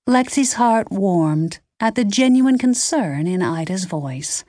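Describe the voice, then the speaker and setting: A woman narrating a mystery audiobook in a measured storytelling manner. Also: mid-range voice, expressive, dark tone, no echo, studio quality. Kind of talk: scripted narration.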